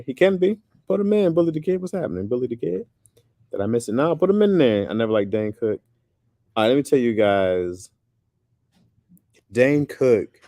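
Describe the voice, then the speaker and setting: Casual male streamer, deep voice, dry close sound, animated and loose. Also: no echo. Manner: loose and animated, says "bro" often. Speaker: streamer chatting with viewers. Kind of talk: casual chat.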